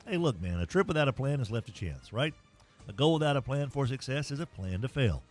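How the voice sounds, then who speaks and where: A man's voice: medium pitch, lively intonation, a little fast, soft background music. A man hosting a sports talk show, folksy and joking as he rambles through scores and a sponsor read. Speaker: sports talk radio host.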